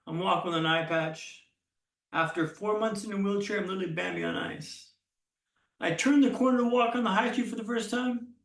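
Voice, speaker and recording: A man giving a keynote speech as a storyteller, with punchy lines, dramatic pauses and self-deprecating humor. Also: sits high, vocal fry, fairly bright tone, roomy sound, distant mic. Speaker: keynote speaker. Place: conference hall stage.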